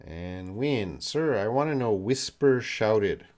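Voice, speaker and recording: A man's voice: on the low side, expressive, slow, a little mellow. A man with a Canadian accent, an English teacher answering chat questions in a live-stream lesson, explaining patiently in simple words.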